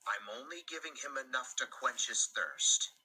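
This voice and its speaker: A man voicing a very old, kind male steam engine who talks gently and patiently, in a noisy home recording. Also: medium pitch, animated, moderate pace, breathy edge, pitched above the performer's own voice, full character voice. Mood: calm.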